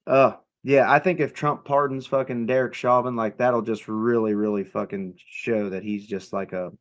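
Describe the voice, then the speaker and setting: Man, young adult, from the United States, live streamer, heated profane rant, argues with chat, mid-pitched voice. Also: fairly even intonation, normal speed, lo-fi sound. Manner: profane, combative, answers chat directly.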